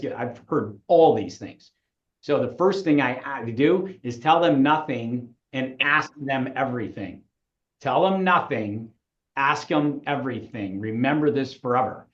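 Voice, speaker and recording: A man's voice: medium pitch, animated, moderate pace, echoey room, lo-fi sound. A man coaching real estate recruiters in a live webinar, with an emphatic, punchy delivery.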